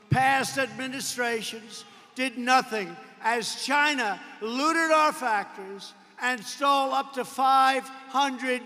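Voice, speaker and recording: A man giving a boastful, repetitive rally speech full of mocking asides and sudden bursts of shouting. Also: very high voice. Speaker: politician addressing a campaign rally. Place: large indoor arena rally. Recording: long arena reverb.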